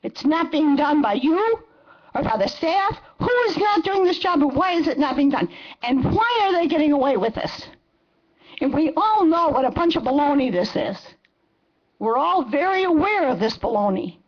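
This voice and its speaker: An older woman in her seventies gives a fiery, emphatic public comment to a city council. Her voice sits high, and the meeting recording sounds dull and lo-fi. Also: big pitch swings, moderate pace. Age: 70s. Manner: angry, impassioned, emphatic. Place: council chamber.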